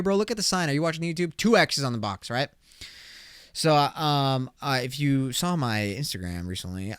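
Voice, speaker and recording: A young man hosting a casual solo podcast, rambling excitedly with slang and swearing. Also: on the high side, clear, resonant tone, no echo, studio quality. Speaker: podcast host.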